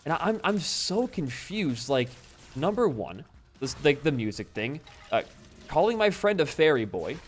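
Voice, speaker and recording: A man's voice: fairly high pitch, sing-song, moderate pace, faint music behind. A young man telling a rambling story while playing a game, swearing freely and breaking off to react to the game. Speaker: gaming YouTuber.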